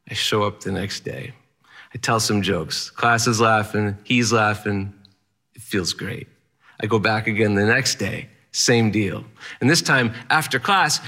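A man's voice: medium pitch, sharp tone. A man performing a first-person story, narrating vividly in the present tense with rhythmic, punchy phrasing.

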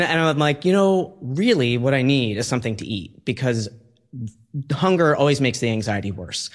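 A man telling a personal story in a conversational, halting way, acting out the quoted lines as he goes. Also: medium pitch.

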